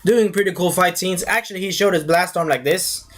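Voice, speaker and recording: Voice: mid-range voice, brisk. A movie reviewer talking in a casual, rambling way, drifting off topic and breaking into silly voices.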